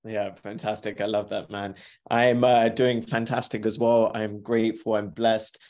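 A man's voice: lowish voice, level tone, measured pace, a little mellow. A man hosting a live motivational podcast, upbeat and chatty, repeating his greetings and talking himself through his morning. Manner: upbeat, repeats greetings, self-talk asides. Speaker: podcast host.

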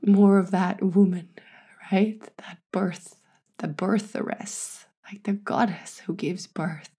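A woman telling her own birth story in a slow, meditative, soft-spoken way that sinks into whispers. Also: medium pitch, fairly even intonation, slightly rough. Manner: drops into whispers. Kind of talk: personal storytelling.

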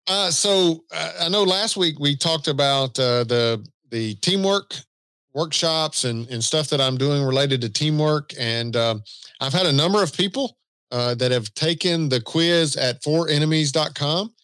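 A man's voice: a little high, unhurried, a bit bright, clean tone, no echo. Southern man on a dry close mic. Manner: easygoing, agreeable, self-deprecating. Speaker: podcast co-host. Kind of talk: casual podcast chat.

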